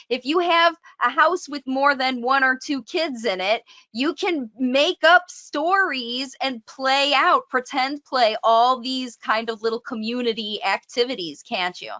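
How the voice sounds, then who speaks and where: Woman host, speech coach, fairly high bright voice, dry close sound, muffled lo-fi call audio, leading tag questions. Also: a little slow, hardly any pauses, dry recording. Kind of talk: conversational interview.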